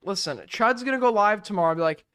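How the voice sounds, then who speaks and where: A man's voice: sits high, lively intonation, fast talker, a bit bright, smooth. A man streaming and reacting to a video with rambling, profane and mocking commentary.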